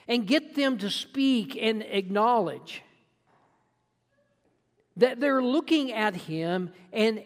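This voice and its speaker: Unhurried sermon preacher, emphatic and earnest, recorded in a big echoing sanctuary. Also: medium pitch. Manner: earnest, emphatic teaching with frequent restarts. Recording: long reverb in a large hall.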